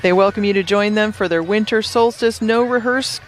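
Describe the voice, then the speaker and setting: A woman's voice: medium pitch, normal speed. A woman commentating live at an outdoor parade at night, chatty and amused, reading sponsor blurbs between bits of banter. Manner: chatty and amused, laughing often between scripted reads.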